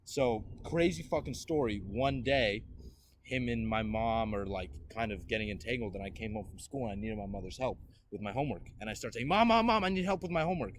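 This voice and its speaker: Fairly low-pitched and quick, this young podcast host tells stories in a casual chat, with a bit of background noise behind him. He animates his tales by acting out quotes and cursing plenty.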